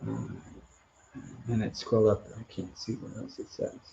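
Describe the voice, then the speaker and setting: A man's voice: fairly low pitch, steady tone, slow pace, gravelly, mellow, lo-fi sound, slight background noise. A man hosting a live stream Q&A outdoors, rambling casually as he reads out viewer comments. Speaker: channel host.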